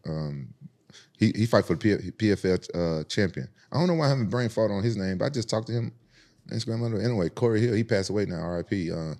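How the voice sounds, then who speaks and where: A man from Memphis, a podcast guest telling profane, animated stories about street fights and jumping high in pitch to quote other people. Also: fast. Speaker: podcast guest, former UFC champion. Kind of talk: casual storytelling.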